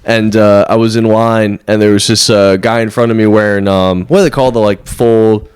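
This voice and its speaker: A man's voice: on the low side, fairly even intonation, moderate pace, darkish tone, clean tone, no echo. A young man co-hosting a podcast, telling rambling stories in casual chat and mimicking the people in them. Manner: rambling storyteller, mimics people in a dazed drawl. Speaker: podcast co-host.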